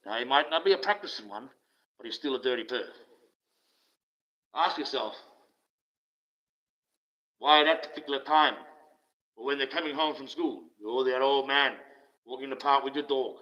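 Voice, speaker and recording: Speaking at normal speed with long pauses, a livestream host rants casually in a middle-pitched voice. He is profane and sarcastic, veering between loud outbursts and low mutters, and the sound is dull and lo-fi.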